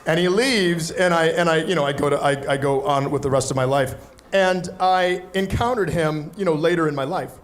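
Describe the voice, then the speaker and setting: Brisk and with few pauses, a stand-up comedian whose voice is a little high races through a lively story. He's animated throughout, acting out the voices of the other people in it.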